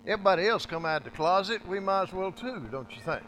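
Man, preacher, sermon, high voice, emphatic, repetitive, loudness rising and falling. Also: expressive, fast, faint music behind, poor audio. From United States.

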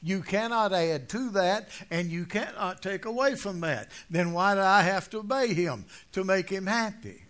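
An older man preaches in a folksy, joking way, his voice sitting high for a man. He drifts into low, quiet asides, then climbs to loud, punchy declarations when he drives a point home. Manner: storytelling with jokes, swings from low asides to loud emphatic points. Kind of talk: folksy humorous sermon.

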